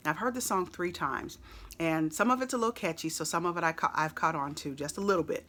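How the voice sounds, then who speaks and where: Woman, lower-pitched and bright-toned, casually talking a song's lyrics through with frequent ums and likes. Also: fast talker. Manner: chatty, explanatory, frequent fillers. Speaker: lyrics explainer. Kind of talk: casual explanation of song lyrics.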